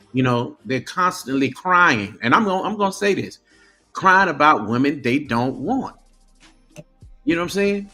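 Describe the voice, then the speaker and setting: A man's voice: fairly high pitch, pushed and bright. A man talking casually on a live stream, often stammering and restarting his sentences.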